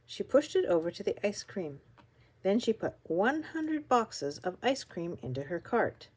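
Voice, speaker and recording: An older woman reading a children's picture book aloud, her voice rising and falling with lively expression. She tells the story warmly paced and animated, slowing and softening at the tense moments. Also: mid-range voice, breathy edge. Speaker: storybook reader.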